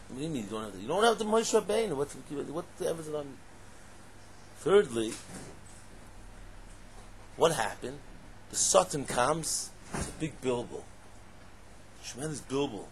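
A man giving a lively Torah class, asking rhetorical questions and breaking into loud exclamations. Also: medium pitch, normal speed, pauses often, a little hiss or hum. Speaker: Torah teacher.

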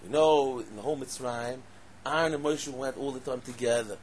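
A man giving a lively Torah class, asking rhetorical questions and breaking into loud exclamations. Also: medium pitch, brisk, slight background noise. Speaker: Torah teacher.

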